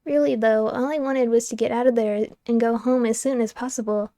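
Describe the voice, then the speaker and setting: A young woman reads a game's story aloud in a lively, wry way. Her voice sits a little high, with a mellow, soft tone. The microphone is close and the sound is dry. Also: fairly quick, few pauses, no room sound. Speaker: streamer reading a game aloud. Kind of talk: expressive narration of a game's text.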